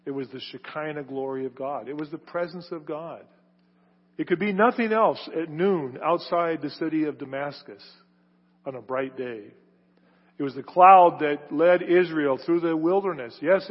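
A preacher with a fairly high, husky voice delivers an emphatic sermon, swelling on key words and then sinking to a hush. His voice rings with a long hall reverb, and the recording sounds dull and lo-fi. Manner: emphatic, builds to loud stressed phrases then drops low.

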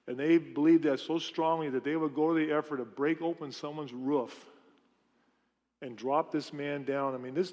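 A man's voice: fairly high pitch, big-room sound. A man preaching a sermon in a church, telling stories in a conversational way and asking the congregation questions. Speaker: pastor. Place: church sanctuary.

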